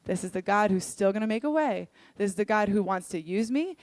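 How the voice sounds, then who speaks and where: A young adult woman leading worship, telling personal stories in an earnest, candid sermon and acting out what people said in lively voices. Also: mid-range voice, fast, hardly any pauses, no room sound. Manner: earnest, candid storytelling with lively acted-out quotes. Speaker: worship leader.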